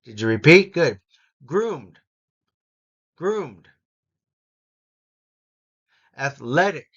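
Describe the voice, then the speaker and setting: Male English teacher, a bit high-pitched, drilling words with clear syllable stress. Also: expressive, measured pace, fairly bright tone, lo-fi sound. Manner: models each word with clear stress, repeats for learners. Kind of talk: slow, deliberate pronunciation lesson.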